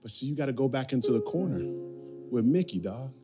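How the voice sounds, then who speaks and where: A pastor preaching a sermon, repeating phrases and calling the congregation to respond. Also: male voice, medium pitch, expressive, brisk, over loud music. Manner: repetitive, building preaching with call-and-response. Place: church sanctuary.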